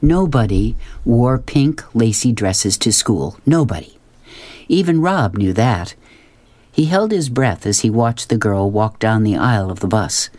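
A man narrating a storybook in a steady, plain reading voice. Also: lowish voice, unhurried, dry recording.

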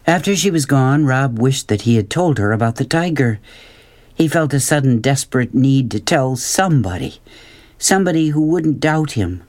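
A man reading a children's novel aloud as the audiobook narrator, in measured, unhurried scripted narration. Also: medium pitch, lively intonation, darkish tone.

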